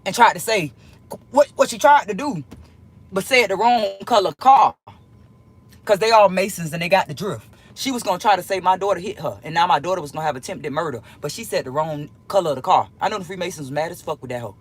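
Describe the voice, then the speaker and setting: Husky woman telling a heated story. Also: on the low side, a little fast. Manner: heated, emphatic, repeats lines for effect; swears freely. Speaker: vlogger. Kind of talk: casual storytelling to viewers.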